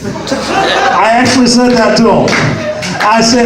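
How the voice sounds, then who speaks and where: A male stand-up comedian with a high, lively voice that leaps all over the place as he spins profane stories. He pushes up to shouted punchlines. The sound comes from far off in a very echoey room. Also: takes it slowly, pauses often, over music. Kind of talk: stand-up storytelling.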